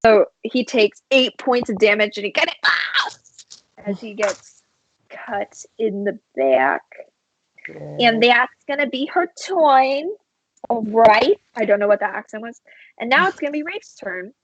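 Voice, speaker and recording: A woman narrating a tabletop game as game master, unhurried and halting, with many fillers. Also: mid-range voice, expressive, dull audio.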